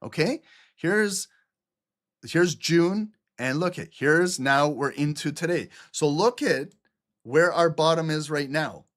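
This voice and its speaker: A man from Albania teaching a live trading lesson over a screen share, animated and talkative, repeating "okay?" and "look" and swearing now and then. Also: fairly high pitch, slow pace. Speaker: trading instructor.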